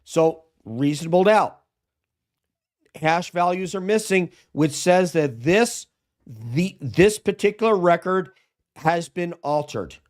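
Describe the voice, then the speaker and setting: A man's voice: high-pitched, animated, slow pace. A man talking as a guest on a live true-crime stream, emphatic and argumentative as he makes his points. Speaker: guest co-host.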